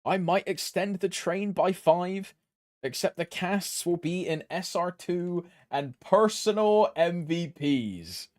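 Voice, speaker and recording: Brief: slow, laid-back British man with a British accent, lively pitch, casual stream chat. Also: dry recording, clean studio sound. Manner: laid-back, lots of laughing asides.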